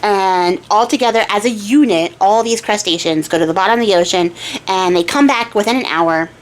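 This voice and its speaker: A woman's voice: medium pitch, a little fast. A young woman hosting a crafting channel, casually retelling a folktale with chatty asides and frequent giggles. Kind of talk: casual storytelling while crafting.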